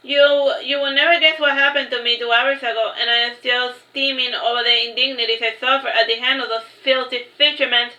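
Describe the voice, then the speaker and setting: High, bright-voiced woman reading a story. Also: a little fast, few pauses. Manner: steady read-aloud delivery with occasional slips. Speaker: author reading her own book. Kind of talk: first-person storybook narration. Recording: echoey room, slightly dull lo-fi sound.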